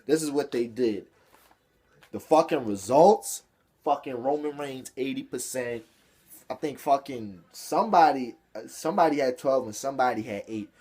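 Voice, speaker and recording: A young man reviewing a wrestling show in a casual, excitable, profane rant that rambles. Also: mid-range voice.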